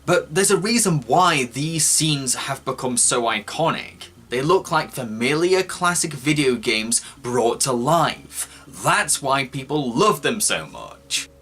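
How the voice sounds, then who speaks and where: A man narrating a scripted film review in a measured, earnest and analytical way, as a voice-over. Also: mid-range voice, lively intonation, bright, forceful tone.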